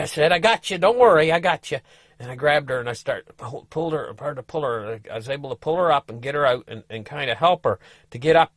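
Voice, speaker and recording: A man's voice: medium pitch, a bit bright, no echo. Folksy man telling a rambling story. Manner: rambling, folksy, with many restarts and asides to viewers. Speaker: travel vlogger. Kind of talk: casual storytelling.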